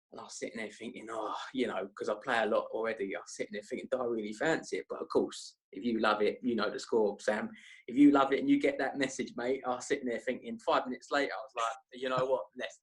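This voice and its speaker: A young man tells long, rambling stories in a casual, slangy way. His voice sits in an ordinary middle register, and he keeps the energy animated as he talks. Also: medium pitch. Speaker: podcast guest. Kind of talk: casual storytelling chat.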